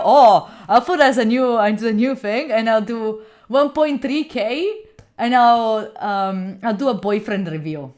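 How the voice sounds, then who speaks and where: A woman's voice: a little high, expressive, measured pace, darkish tone. A young Italian woman with an Italian accent, chatting casually with her stream chat, laughing often and answering viewers' questions. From Italy. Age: young adult. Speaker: study streamer.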